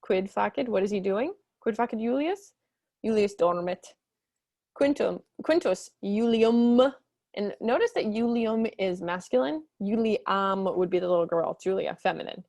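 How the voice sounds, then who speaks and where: A woman teaching Latin, reading lines slowly and then explaining them quickly in English. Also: a little mellow, no room sound, clean studio sound. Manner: acts out characters with high squeaky voices. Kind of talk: explaining a textbook story.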